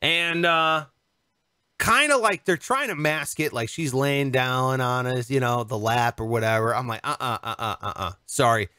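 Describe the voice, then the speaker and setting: A man's voice: mid-range voice, a little slow, sharp tone, clean tone, dry recording. A man in his thirties co-hosting a podcast, telling a comic anecdote in casual chat and acting out the voices of the people in it. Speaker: podcast co-host.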